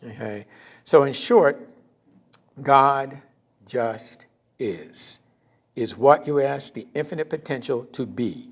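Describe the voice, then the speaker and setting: A man giving a conversational sermon in a church, often checking in with his congregation and rising in pitch for emphasis. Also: slow, long pauses. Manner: conversational, keeps checking in with "okay?"; animated, rises in pitch and volume for emphasis. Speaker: minister.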